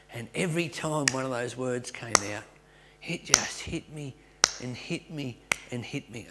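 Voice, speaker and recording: Middle-aged Australian pastor, testimony, self-mocking storyteller, mid-pitched, long hall reverb. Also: male voice, normal speed, background noise. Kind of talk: personal testimony.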